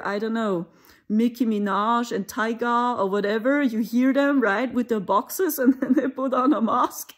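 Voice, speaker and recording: A woman from Germany with a German accent, talking in a rambling, conversational monologue for her own channel. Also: fairly high pitch. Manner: rambling, conversational, with mocking asides. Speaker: spiritual channel host. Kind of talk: casual spoken monologue.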